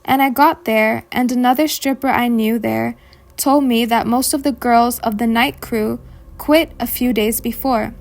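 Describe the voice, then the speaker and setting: Gravelly woman reading a horror story. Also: on the high side, fairly even intonation. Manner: slow, deliberate first-person reading. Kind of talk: scripted horror story narration.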